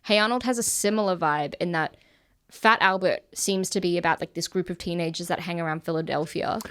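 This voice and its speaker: A woman's voice: lowish voice, a little fast, fairly bright tone. An Australian woman co-hosting a podcast, chatting casually, swearing freely and telling stories. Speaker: podcast co-host. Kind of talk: casual chat.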